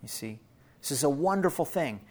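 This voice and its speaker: A man's voice: fairly high pitch, animated, brisk, darkish tone, breathy edge. A man preaching a sermon to his church in an earnest, teaching manner, repeating key phrases for emphasis and speaking to listeners as family. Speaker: pastor.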